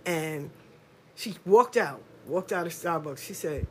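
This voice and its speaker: A low, lively-sounding woman in middle age narrates her own life in a podcast testimony monologue, with a little hiss or hum on the audio. Her telling is blunt and emphatic, laced with slang and swearing, and she draws out the stressed words street-style.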